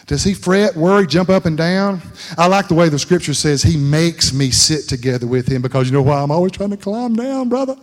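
A man's voice: fairly high pitch, big-room sound. A man giving an informal, folksy sermon, asking the room rhetorical questions and calling listeners brother. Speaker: lay speaker at a church gathering.

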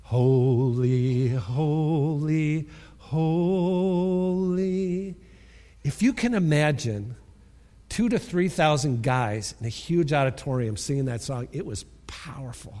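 A man preaching a sermon, reading scripture and explaining it, with bursts of shouted repeated words. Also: mid-range voice, lively intonation, moderate pace, big-room sound. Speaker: pastor.

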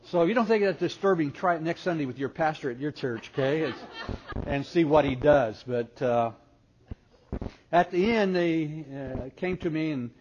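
Speaking at normal speed, a parenting-conference speaker with a slightly high voice preaches with humor before a hall audience. He's an animated storyteller who puts on characters' voices, captured on a dull, muffled lo-fi recording with light hiss.

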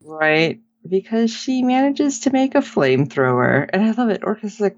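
A woman with a medium-pitched voice and moderate pace co-hosts a casual podcast, recapping a TV episode. She retells it with animation, acting out quotes and laughing often. The sound is dull and lo-fi, with no room sound.

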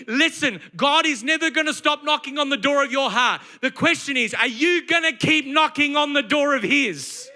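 A middle-aged man delivers a sermon from a church stage in a high, very bright and forceful voice. He preaches in a lively storytelling style and keeps asking the congregation rhetorical questions. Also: a little fast, hardly any pauses. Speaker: pastor.

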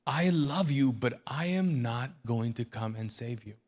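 A man voicing a loving but firm male divine figure within a sermon, speaking gently and quietly. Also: mid-range voice, lively intonation, unhurried. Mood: tender.

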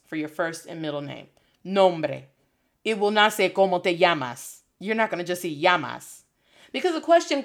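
A woman teaching a Spanish lesson, drilling phrases with lively repetition and switching languages. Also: mid-range voice. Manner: animated, switches between English and Spanish, repeats phrases for drill. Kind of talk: energetic video lesson. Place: Detroit.

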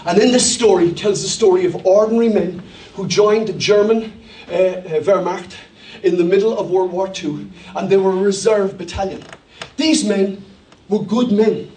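A middle-aged Irish man with a Cork accent, preaching a sermon and telling lively stories to his congregation. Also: high-pitched, normal speed, a little hiss or hum. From Ireland. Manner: lively storytelling with audience participation. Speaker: pastor. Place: church hall. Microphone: handheld microphone. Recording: echoey hall, voice from far off.

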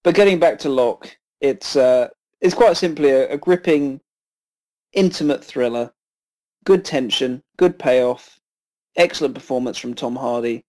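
Measured man reviewing films. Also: medium pitch, a little mellow, low-quality recording. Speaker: film podcast co-host. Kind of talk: casual film review.

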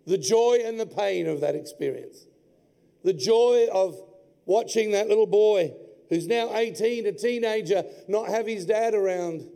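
A man, preaching a sermon in a large church hall and telling his own family story with deep feeling. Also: creaky, warm tone. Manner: heartfelt personal storytelling. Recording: long hall reverb.

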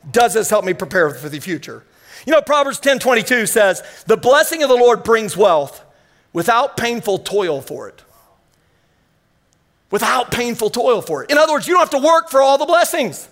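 A man with a very high-pitched voice preaches with lively energy. He tells a story from the pulpit, breaking into excited exclamations as he goes. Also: fairly quick. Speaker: pastor. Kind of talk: sermon.

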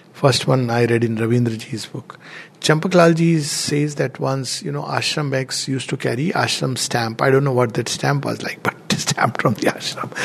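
A middle-aged man giving a devotional talk, telling anecdotes gently and chuckling between them. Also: mid-range voice, creaky, husky. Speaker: spiritual speaker.

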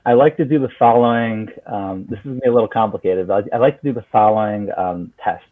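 A man's voice: on the low side, quick pace, no room sound. A therapist being interviewed, explaining his approach earnestly with many restarts and acted-out client exchanges. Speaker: therapist guest. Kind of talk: conversational explanation. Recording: husky voice over a tinny phone-like line, dry.

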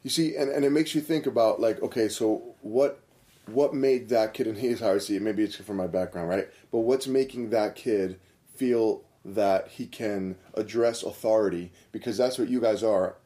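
A man's voice: lowish voice, normal speed, warm tone. A man who coaches several sports, talking earnestly and reflectively in a casual podcast chat, repeating phrases for emphasis. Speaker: multi-sport coach and guidance counselor.

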